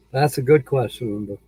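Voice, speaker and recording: A man's voice: medium pitch, darkish tone, slightly rough, dry recording, rough recording. A man hosting a casual livestream, chatting easygoingly with viewers and rambling with frequent chuckles. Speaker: livestream host. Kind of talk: casual livestream chat reading viewer comments.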